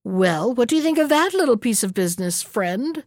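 A woman's voice: fairly high pitch, very animated, normal speed, darkish tone, dry recording, studio quality. A woman voicing a boastful, cheeky little male tailor in a storybook reading. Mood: cocky. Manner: cocky and chirpy.

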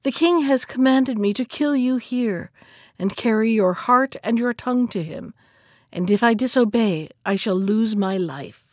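A woman's voice: a little high, measured pace, darkish tone, no echo, studio quality, close to an everyday voice. A woman reading the part of a kind, sorrowful captain of the guard who speaks in a mournful, earnest way.

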